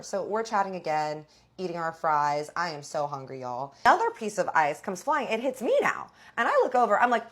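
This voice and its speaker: A woman's voice: medium pitch, very animated, brisk, a bit bright. A young adult woman telling a dramatic personal story in a casual vlog, swearing freely. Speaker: storyteller vlogger.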